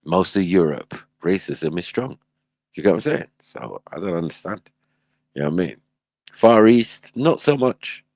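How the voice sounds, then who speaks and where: A man's voice: low-pitched, animated, a little fast, gravelly, darkish tone, slightly rough, dry recording. A man hosting a livestream, reacting in casual, slangy commentary and laughing often. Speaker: livestream host.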